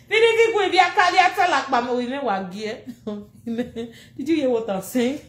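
A high-voiced woman with a Nigerian Pidgin English accent rants to camera in an animated, mocking, scolding way. She switches between languages and laughs between jabs, and the room around her sounds echoey. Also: measured pace, hardly any pauses. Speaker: social media personality. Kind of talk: animated casual rant to camera.

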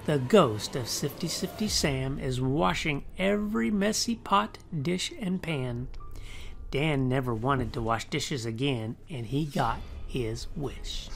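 A man reading a children's picture book aloud, with expressive delivery and dramatic pauses. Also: mid-range voice, gravelly, soft background music. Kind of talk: read-aloud storytelling.

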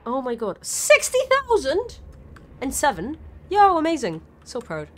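A woman's voice: sits high, big pitch swings, moderate pace. A woman streaming a video game live, swearing freely while talking to her chat and the characters on screen. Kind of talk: live gameplay commentary.

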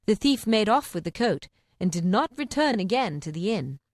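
Woman, audiobook narrator, expressive, animated pitch, dry close recording. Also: moderate pace, no echo.

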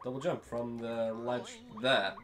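A man's voice: mid-range voice, level tone, measured pace. Giggly, swearing let's play guy. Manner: joking, giggly, swears a lot. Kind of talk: casual gameplay commentary.

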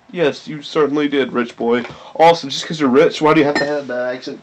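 A man hosting a game let's play, with goofy, excitable commentary full of silly sound effects. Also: a little high, fairly quick.

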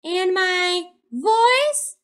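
Snail puppet: tiny, jumpy, very high and bright, slow-spoken. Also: female voice, animated, a little hiss or hum, full character voice. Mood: nervous, helpful. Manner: squeaky, easily startled, earnest. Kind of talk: children's puppet show.

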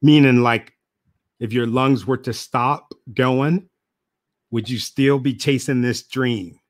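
A man talking casually to camera as a motivational speaker and host. He is relaxed, repeats phrases for emphasis and laughs at himself. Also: medium pitch, slow, no echo, clean studio sound. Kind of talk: casual reflective monologue to camera.

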